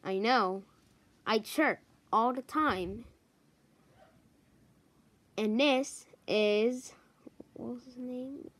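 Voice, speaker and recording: A woman introducing a row of toys one by one, hesitant and pausing often to search for their names. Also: fairly high pitch. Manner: hesitant, many pauses and ums. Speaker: toy show presenter.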